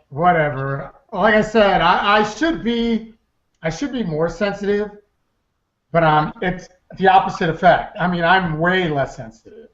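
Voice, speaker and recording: A man co-hosting a podcast in casual chat, blunt and animated, swearing and acting out quotes. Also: fairly high pitch. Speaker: podcast co-host. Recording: echoey lo-fi room, background noise.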